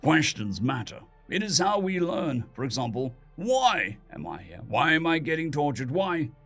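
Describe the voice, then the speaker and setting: A man voicing a defiant dead atheist who stays calm and coldly confident, asking one probing question after another. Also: fairly high pitch, normal speed, soft background music, heavily acted.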